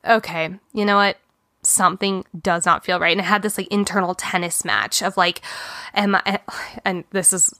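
A young woman talks openly on her solo podcast, rambling and candid, quick to laugh at herself. Her voice is bright and sharp at a middling pitch. The sound is close and dry. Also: dry recording. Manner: chatty and candid, many fillers and "like"s; self-deprecating with frequent laughs. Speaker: podcast host. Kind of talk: casual solo podcast talk. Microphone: podcast microphone.

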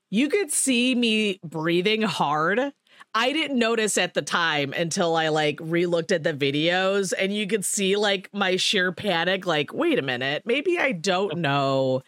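A woman's voice: lowish voice, a bit bright, dry recording. Woman podcast host rambling thru a story, swears a lot, laughs, dry close mic. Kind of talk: casual chat.

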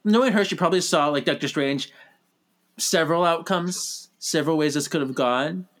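A man talks through a TV episode with a friend, getting animated and gushy. His voice sits a little on the high side. He jumps into over-the-top impressions of the characters mid-sentence. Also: moderate pace. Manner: animated, gushing, with dramatic quoted outbursts. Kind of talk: casual chat recapping a TV episode.

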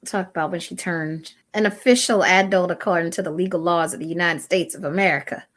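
Wry low-voiced woman co-host. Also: fairly even intonation, a little fast, fairly bright tone. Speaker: podcast co-host. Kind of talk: casual chat about a documentary.

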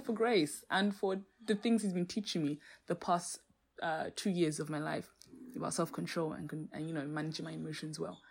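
A woman's voice: low-pitched, steady tone, moderate pace, creaky, breathy edge. A young woman hosting a faith-based podcast, talking earnestly and animatedly, sometimes exclaiming and laughing as she explains Bible verses. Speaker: podcast host. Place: home, street noise outside.

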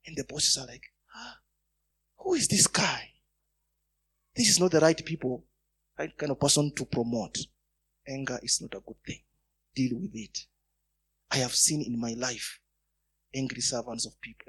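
Husky preacher man. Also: medium pitch, fairly bright tone. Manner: storytelling, rising to emphatic bursts. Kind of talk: sermon with personal stories.

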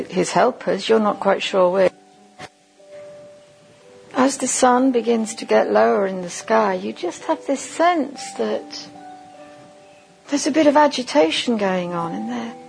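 A woman giving a sermon at a conference, leading listeners through a vivid imagined story in a slow, deliberate second-person voice. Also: mid-range voice, animated, gravelly, a little mellow, soft background music, rough recording. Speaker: conference speaker.

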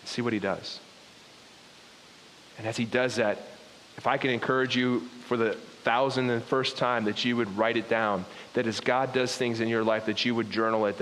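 A man preaches a sermon as pastor, earnest and repetitive, now and then breaking off into asides. His voice is mid-range and a bit bright. A long hall reverb and faint hiss surround the recording.

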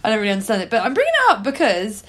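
Woman co-host, lively pitch, bantering news-story chat. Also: very fast. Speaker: podcast co-host. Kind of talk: casual chat.

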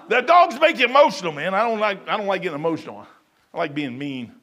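A man preaching a casual sermon, rambling and folksy as he tells stories and reads scripture slowly. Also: high voice, sing-song. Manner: reads scripture slowly, then trails off quietly.

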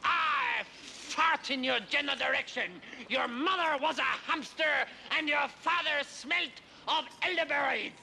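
A jeering French castle guard. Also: male voice, very high voice, unhurried, vocal fry, few pauses, exaggerated voice. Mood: taunting. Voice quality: mocking, exaggerated, shouted insults. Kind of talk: film comedy acting. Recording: noisy film clip.

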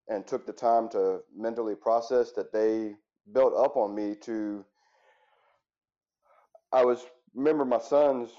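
A man in his thirties with a medium-pitched, dark voice recorded on dull audio. He's an interview guest, a former firefighter who now owns a business, and he tells his story earnestly and reflectively, often restarting his sentences.

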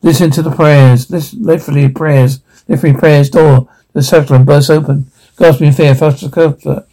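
A man reading a drama script aloud, sound cues and all, in a halting way with frequent restarts. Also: on the high side, steady tone, dark tone, low-quality recording.

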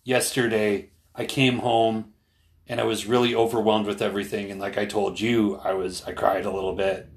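A man with a low, gravelly voice talks through a casual podcast conversation. He is earnest and hesitant, full of fillers and restarts. When he retells what other people said, he pushes his voice up higher and gets animated. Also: moderate pace. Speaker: podcast co-host.

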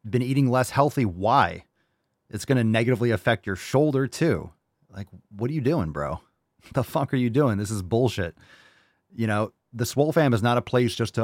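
A man's voice: medium pitch, animated, moderate pace, no echo. Male host, casual fitness chat, blunt and profane, dry mic. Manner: blunt, profane, tough-love ranting. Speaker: podcast host.

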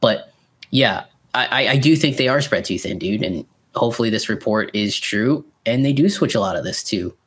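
A man's voice: mid-range voice, lively intonation, normal speed, a bit bright, husky. A man co-hosts a podcast and reviews films in loose, casual chat. He rambles and swears freely. His voice sits in a middle register and moves up and down a lot. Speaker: podcast co-host.

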